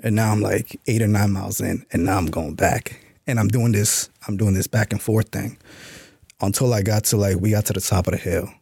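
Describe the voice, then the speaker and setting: A man's voice: lowish voice, fairly even intonation, brisk, creaky, a little mellow, slightly rough, dry recording, studio quality. A man being interviewed on a podcast, telling a story in a laid-back way and swearing casually. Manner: laid-back, profane, full of "you know what I'm saying". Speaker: podcast guest, author and Army veteran.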